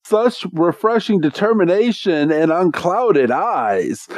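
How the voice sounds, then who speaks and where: An intense, chivalrous knight trainer, as a man puts him on while recapping a cartoon on a podcast. He makes grand, solemn proclamations in a voice pitched well above his usual, and it sounds dry and close. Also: very animated, takes it slowly, dry recording, full character voice.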